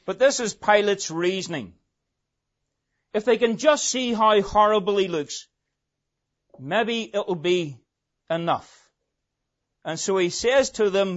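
A man preaching a sermon, telling the story dramatically and swinging between loud emphasis and hushed asides. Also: high-pitched, takes it slowly, long pauses. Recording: dull lo-fi recording.

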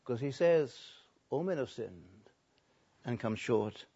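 A man's voice: medium pitch, expressive, husky. Older male pastor preaching with dramatic swings. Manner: dramatic swings between soft and loud, drawn-out emphasis. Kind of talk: sermon. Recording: dull lo-fi recording.

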